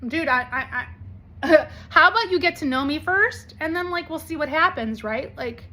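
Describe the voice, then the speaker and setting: A woman in her forties with a bright, high-pitched voice talks straight to camera. She is blunt and animated, with swearing scattered through her talk. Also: moderate pace. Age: 40s. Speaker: vlogger.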